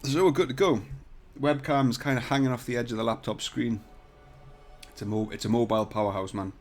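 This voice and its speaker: A man's voice: mid-range voice, fairly even intonation, a little fast, soft background music. A man hosting a live design tutorial stream from a hotel room, chatting casually and jokily with viewers and swearing now and then, into a desk microphone with no pop filter. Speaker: CAD tutorial livestream host. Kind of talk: casual livestream chat. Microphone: desk mic without shock mount or pop filter.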